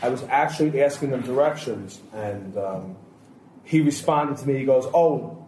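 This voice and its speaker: A man co-hosting a laid-back podcast roundtable narrates long anecdotes, repeating others' words. His mid-range voice is a little mellow and moves at normal speed. The recording has a roomy echo and a faint hiss.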